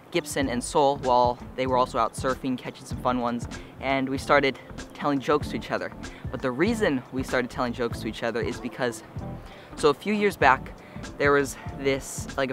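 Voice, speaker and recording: A young man vlogging to camera outdoors, slightly out of breath, chatting in a rambling, casual way with lots of fillers. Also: medium pitch. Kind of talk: casual vlog talk to camera.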